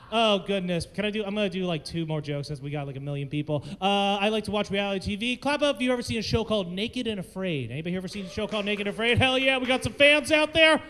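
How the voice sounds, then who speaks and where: High-voiced man doing stand-up. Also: animated, quick pace, a bit bright. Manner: loose, self-deprecating, talks to the crowd. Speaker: stand-up comedian. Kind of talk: stand-up set at an open mic. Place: comedy club stage.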